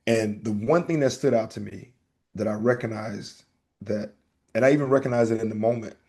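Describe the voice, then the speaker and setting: A man hosting a casual podcast, telling a story in an animated way and acting out the back-and-forth. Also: lowish voice, fairly quick, husky. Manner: animated storytelling, acts out exchanges. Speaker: podcast host.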